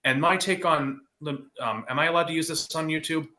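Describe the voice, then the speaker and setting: Blunt, bright-voiced young man. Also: a little high, brisk. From California. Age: young adult. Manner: blunt and profane, with stammered restarts. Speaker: podcast guest. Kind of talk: casual chat.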